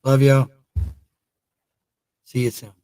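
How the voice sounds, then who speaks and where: A man's voice: mid-range voice, completely flat delivery, slow pace, mellow, dry recording, poor audio. A tired man hosting a casual live stream in a laid-back, rambling way, thanking his chat. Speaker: host.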